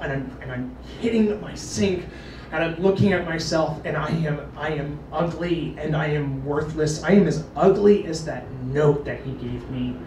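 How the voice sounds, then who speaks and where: A young man telling a personal story to a live audience, animated and laughing, with many restarts and repeated words. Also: fairly high pitch, moderate pace. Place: live event venue. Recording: echoey, distant from mic, faint noise.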